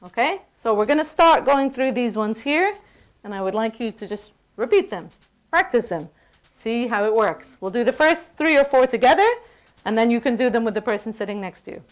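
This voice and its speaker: A woman with a slightly high voice teaches a university class, upbeat and playful. She keeps checking in with the students as she goes. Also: brisk. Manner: lively, playful, checks in with "okay?" often. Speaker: lecturer. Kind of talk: classroom lecture.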